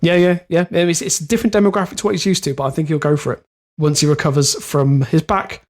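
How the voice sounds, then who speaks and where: A man's voice: on the high side, steady tone, fast, a little mellow. A young man co-hosting a podcast, reading odd news stories aloud and wandering into jokes. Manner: reads news then rambles off in jokes. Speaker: podcast co-host, reads the stories. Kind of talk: casual comedic chat.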